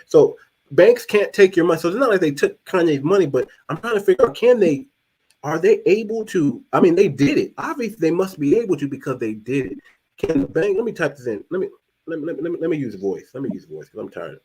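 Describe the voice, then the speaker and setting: A man's voice: fairly high pitch, sing-song, a little fast, mellow, breathy edge, rough recording. A man hosting a live-streamed talk show, thinking aloud as he searches online and talks to his viewers. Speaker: podcast host.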